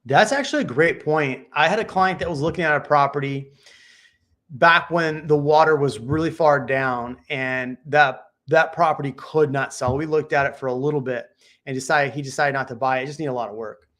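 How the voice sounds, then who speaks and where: A man's voice: on the high side, moderate pace, fairly bright tone. A man hosting a casual chat show, giving real estate advice in a laid-back, joking way, thinking aloud and restarting his sentences. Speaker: real estate agent and podcast host.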